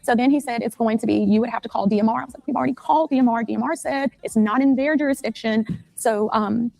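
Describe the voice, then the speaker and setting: Fast-talking woman recounting in an interview. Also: a little high, vocal fry, a little mellow, no echo. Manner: rapid, anxious retelling, acting out phone calls. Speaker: interviewed mother.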